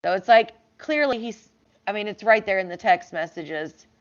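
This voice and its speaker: A woman's voice: medium pitch, animated, normal speed. A woman chatting through true crime commentary, reading text messages aloud with lots of fillers. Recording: slightly dull lo-fi audio.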